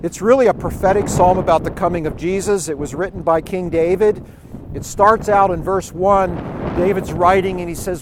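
Brief: middle-aged male preacher, high voice, chatty storytelling delivery, faint outdoor noise behind. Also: normal speed. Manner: conversational, storytelling, chuckling asides. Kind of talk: informal sermon.

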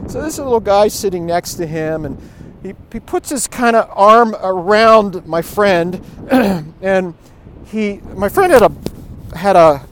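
A man's voice: sits high, noisy background. A middle-aged man giving an informal, conversational sermon with storytelling asides and chuckles, recorded outdoors. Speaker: preacher.

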